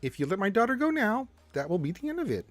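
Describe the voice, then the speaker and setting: A man voicing a nasal, high-pitched frog puppet as a comic impression on a live stream, with a strained falsetto tone. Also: very animated, quick pace, no echo, faint music behind. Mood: menacing.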